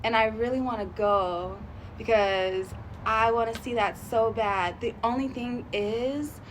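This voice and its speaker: A woman with a slightly high voice rambles through a casual vlog, thinking out loud and calling herself a sensitive, emotional person. Her talk is loose and friendly, and a faint room ambience sits behind her. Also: a little slow, a little hiss or hum. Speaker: vlogger.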